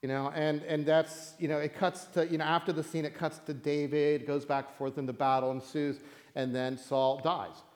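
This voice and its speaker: A high-voiced male pastor tells a scripture story like a campfire tale, playful and animated, often laughing. His voice carries a long reverb from a large hall. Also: normal speed.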